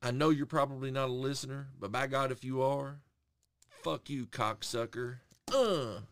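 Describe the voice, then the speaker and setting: A man's voice: mid-range voice, moderate pace, no echo, studio quality. A middle-aged man co-hosting a podcast, telling a story in casual chat with heavy swearing. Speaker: podcast co-host.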